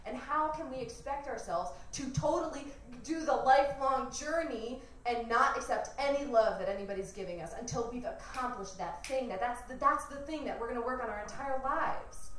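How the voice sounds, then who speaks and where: A woman's voice: sits high, normal speed, few pauses, fairly bright tone, a little hiss or hum. A young woman telling a personal story to an audience, candid and laughing often, mimicking her family in quotes. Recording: echoey room from far off, faint ambience.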